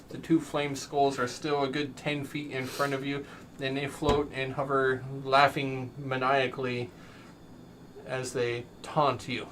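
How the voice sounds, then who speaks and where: A man narrating as game master, reading monster lore aloud with animated delivery and frequent laughs. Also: medium pitch, noisy background.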